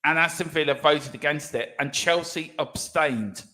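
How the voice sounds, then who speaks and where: A man hosts a live football chat show in a bright, fairly high voice. He is chatty and runs through match news and results for his co-host. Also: normal speed. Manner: chatty, reads out news and fixtures.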